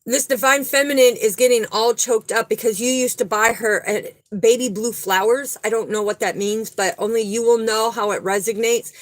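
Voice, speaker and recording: A woman's voice: a little high, fairly even intonation, moderate pace, hardly any pauses, dry recording, low-quality recording. A woman giving a spiritual reading straight to the viewer, earnest and soothing, repeating key words for emphasis. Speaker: spiritual card reader. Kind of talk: psychic reading, spoken to the viewer.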